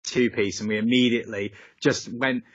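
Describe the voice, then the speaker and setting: A man's voice: mid-range voice, fairly even intonation, normal speed, dry recording. A young man, a musician, chatting over a video call, rambling with lots of fillers and tangents. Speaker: musician guest. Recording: slightly dull, dry call audio.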